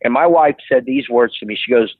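A man, a restaurant owner, tells long rambling stories with lots of "you know" and false starts. His voice sits at an ordinary pitch and comes through a thin, phone-like line with no room sound at all. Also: fairly quick, breathy edge, no room sound. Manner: rambling, many restarts and fillers. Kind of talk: casual interview storytelling. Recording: dry tinny phone-like line.

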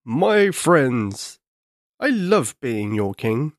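A man's voice: medium pitch, big pitch swings, very slow, no room sound, clean studio sound. A man voicing a tired, kindly lion king in a children's storybook. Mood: weary.

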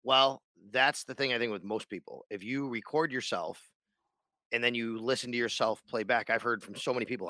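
A man's voice: medium pitch, a little fast, pushed and bright, dry recording. A man who hosts sports radio, chatting casually on a podcast in a rambling way with many restarts.

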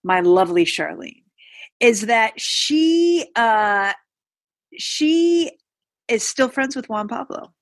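A woman's voice: a little high, expressive, slow pace, dry recording. Rambling woman with a dry, close sound. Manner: meandering, many fillers and restarts. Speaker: podcast co-host. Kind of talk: casual recap chat.

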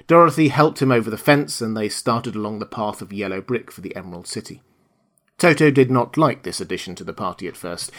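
A man narrating a classic children's tale in a calm, measured reading. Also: on the low side. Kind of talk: storybook narration.

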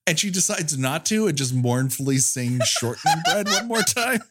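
Lively, sarcastic man recapping a movie. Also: high voice, normal speed, few pauses, slight background noise. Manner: profane, sarcastic storytelling with acted-out quotes. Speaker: podcast co-host.

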